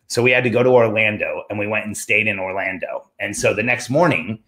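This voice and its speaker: Here the same kind of storyteller, a middle-aged man, talks briskly in a lowish register. His casual personal tale is full of animated quotes from himself and others, and his voice climbs when he repeats his own words.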